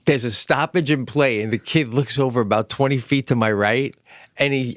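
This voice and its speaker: A man in his forties co-hosting a podcast, telling stories in an animated, profane way in casual chat. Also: mid-range voice, normal speed, dry recording, studio quality. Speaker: podcast co-host.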